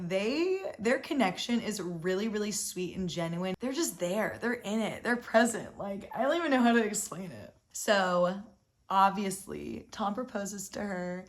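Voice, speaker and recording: Animated young woman recapping a reality show. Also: medium pitch. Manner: animated and exasperated, heavy filler "like", swears freely. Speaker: recap host.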